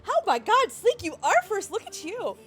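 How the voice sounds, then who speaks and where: A woman's voice: very high voice, huge pitch swings, normal speed, fairly bright tone, soft background music. A young woman streaming live, chatting casually and giggling as she greets her viewers.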